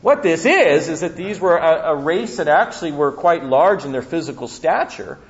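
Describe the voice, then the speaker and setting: A man preaching a sermon as pastor, telling the story with animated humor. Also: a little high, normal speed. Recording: dull lo-fi recording.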